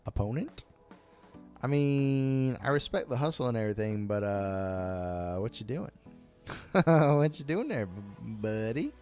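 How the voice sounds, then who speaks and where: Excitable swearing streamer guy. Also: medium pitch, a little slow, clean tone, faint music behind. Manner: excitable, swears a lot, talks to chat. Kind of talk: live-stream gameplay commentary.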